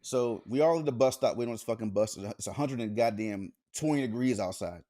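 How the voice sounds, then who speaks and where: A man co-hosting a podcast, chatting casually and telling stories in a profane, animated way. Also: medium pitch, a little fast. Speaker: podcast co-host. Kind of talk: casual chat.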